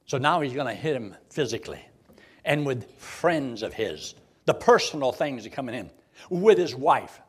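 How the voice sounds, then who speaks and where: A man's voice: mid-range voice, big pitch swings, normal speed, slightly rough. A man preaching a sermon in a dramatic, folksy way, full of rhetorical questions and acted-out scenes.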